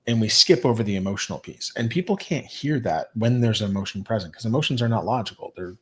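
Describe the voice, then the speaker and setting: Low-voiced, animated male podcast guest. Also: fast, hardly any pauses. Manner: animated explainer, many "like" asides. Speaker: guest, youth program co-founder. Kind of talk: podcast interview.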